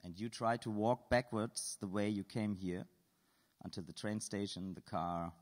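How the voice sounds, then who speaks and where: A man with a fairly low voice leads an interactive lecture, quizzing the audience with dry, playful questions. His voice rings with the long reverb of a lecture hall. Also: steady tone, a little slow. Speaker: artist giving a lecture. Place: lecture hall at an art school.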